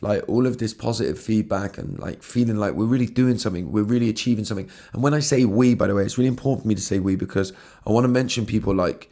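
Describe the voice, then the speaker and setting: Deep-voiced guy on his podcast, all emotional and earnest, keeps restarting words, swears a bit. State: emotional, has been crying. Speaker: podcast host. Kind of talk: emotional solo podcast monologue.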